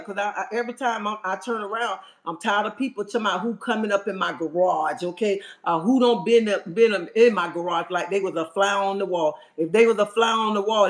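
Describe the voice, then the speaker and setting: A man hosting a livestream delivers a sassy, emphatic rant, dropping "honey" and "okay?" at his viewers. His voice is high with a fairly bright tone, and the recording has a roomy echo.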